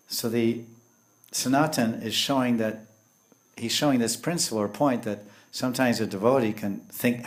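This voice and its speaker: Male spiritual teacher, lower register, patient explanatory lecture delivery. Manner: explanatory, storytelling, sprinkles Sanskrit terms. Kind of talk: devotional lecture.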